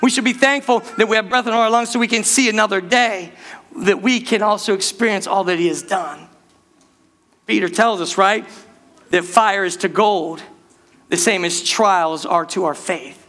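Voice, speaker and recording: A man preaching a sermon to his church, animated and calling out to the congregation, rushing some phrases and drawing others out. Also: sits high. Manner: animated preaching, speeds up and slows down, calls out to the church. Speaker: pastor.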